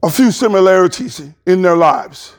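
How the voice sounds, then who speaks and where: A pastor in his sixties with a Southern US accent, preaching an animated, joking sermon straight to the congregation. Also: sits high, moderate pace. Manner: animated, jokey, talks to congregation.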